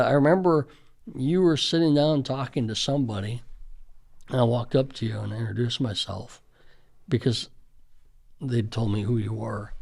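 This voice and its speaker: A man's voice: mid-range voice, creaky, a little mellow. A middle-aged man, a school safety official, earnestly reminiscing in conversational storytelling with frequent fillers.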